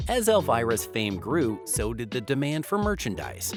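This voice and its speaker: Lively, dramatic male documentary narrator. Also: medium pitch, moderate pace. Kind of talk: scripted biography narration. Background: background music.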